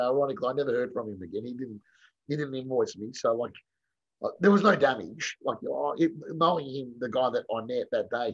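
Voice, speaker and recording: An Australian man, a podcast guest, chatting casually and telling lively stories, acting out dialogue and swearing now and then. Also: mid-range voice, slightly rough. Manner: animated storyteller, acts out quoted dialogue, swears casually. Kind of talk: casual storytelling chat. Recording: dull lo-fi sound.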